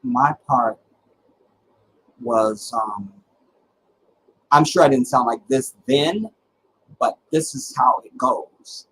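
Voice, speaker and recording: A middle-aged man hosting a livestream, telling personal stories in a dramatic, animated way with halting restarts. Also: mid-range voice, husky, rough recording. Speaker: livestream host. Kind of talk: casual personal storytelling.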